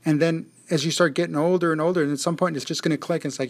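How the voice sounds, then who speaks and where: A man's voice: on the high side, fairly even intonation, fast, hardly any pauses. A man giving a casual daily motivational monologue, reflective, often repeating phrases and shifting his pace.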